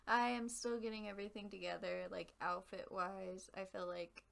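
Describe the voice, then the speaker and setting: This young adult woman has a mid-range voice with vocal fry and talks at a normal speed. As a podcast co-host in casual conversation, she tells lively stories punctuated by frequent giggles.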